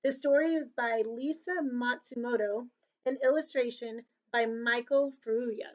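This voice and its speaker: A woman's voice: fairly high pitch, measured pace. Chatty woman telling children a story. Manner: chatty, animated, acts out voices in quotes. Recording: dull lo-fi sound.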